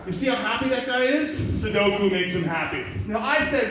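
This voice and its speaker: A man's voice: high voice, lively intonation, normal speed, hardly any pauses, fairly bright tone. A man doing a stand-up comedy set in a small bar, profane, rambling and self-mocking. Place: small bar venue, indoors. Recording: echoey room from far off, audience noise.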